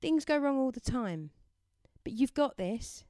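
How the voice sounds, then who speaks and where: A woman delivers a motivational mindfulness talk in a gentle, encouraging way. Her voice is smooth and clear and sits a little high, and she takes her time over every phrase. The recording is dry, with no room echo. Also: lively intonation, measured pace. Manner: gentle, encouraging, leads listeners through affirmations. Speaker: self-help speaker.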